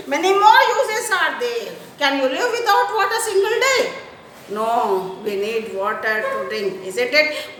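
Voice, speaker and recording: A woman teaches a science class in a high, bright voice. She repeats key points and drops rhetorical questions to the pupils. The room is very echoey, with a faint hiss behind her. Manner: repeats points, asks rhetorical questions, often adds "isn't it?". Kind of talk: classroom lesson explanation.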